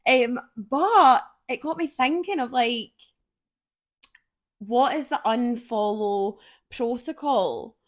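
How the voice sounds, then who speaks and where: A Scottish woman co-hosting a relaxed podcast, her voice sitting fairly high. She talks in a chatty way, jumping in with quick asides. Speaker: podcast co-host. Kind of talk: casual chat.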